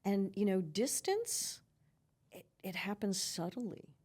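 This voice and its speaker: A woman's voice: mid-range voice, sing-song, takes it slowly, a little mellow, slightly rough. A middle-aged woman, a psychotherapist giving earnest advice in a conversational podcast interview, peppering her talk with "you know" and "right?". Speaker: psychotherapist guest.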